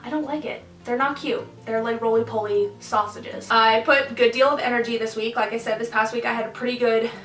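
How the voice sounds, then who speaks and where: A young pregnant woman chatting casually to her viewers, full of "like" and quick asides. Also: fairly high pitch, reverberant, far from the mic, faint music behind, rough recording. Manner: chatty, lots of "like", animated asides. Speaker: vlogger. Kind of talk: casual pregnancy update vlog. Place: hot room indoors.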